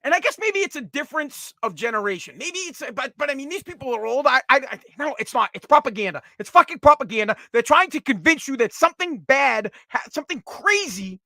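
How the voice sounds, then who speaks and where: A man's voice: very high voice, sing-song, brisk, few pauses, pushed and bright, no echo, studio quality. A man giving heated, blunt, profane solo commentary.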